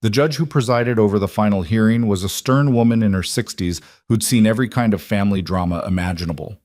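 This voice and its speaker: A man narrating a romance story in an even, measured way. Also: fairly low pitch, dry recording, clean studio sound.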